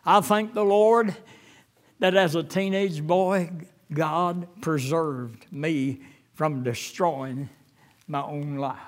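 Preaching in a voice on the high side, an older pastor stumbles along with fillers. When he reaches scripture, his delivery turns fervent and climbs.

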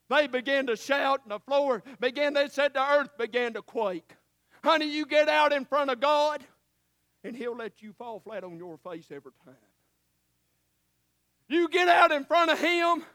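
A male preacher, delivering a sermon that swings from shouts to hushed, emotional asides and calls the listeners honey. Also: extremely high pitch, dry recording, clean studio sound.

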